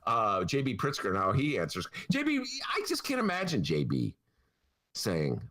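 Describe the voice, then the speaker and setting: A man's voice: on the low side, huge pitch swings, normal speed, fairly bright tone. A man hosting a podcast in casual chat, rambling through tangents with a self-mocking storyteller's manner. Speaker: podcast host.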